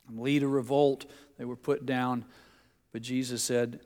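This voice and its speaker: A man's voice: medium pitch, moderate pace, darkish tone. A middle-aged man preaching a sermon, telling folksy stories with asides and restarts. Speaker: pastor. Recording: long reverb of a large hall.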